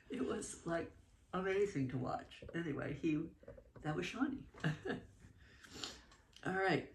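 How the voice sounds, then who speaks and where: A mother telling animated stories about her children in a casual interview, laughing often. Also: deep voice, slight background noise. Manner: animated, laughing, with fillers and asides. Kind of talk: casual spoken storytelling.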